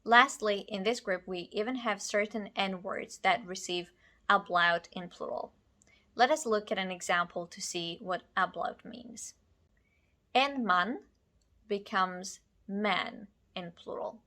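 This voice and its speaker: Woman language teacher, clear and deliberate, very slow, bright tone. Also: medium pitch. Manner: clear, deliberate, spelling out endings. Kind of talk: slow scripted lesson.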